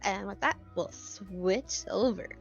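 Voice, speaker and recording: A woman's voice: medium pitch, slow pace, creaky. A woman running a tabletop game as game master, narrating with plenty of hesitations and fillers. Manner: hesitant, lots of "um" and "like". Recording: lo-fi with faint background music.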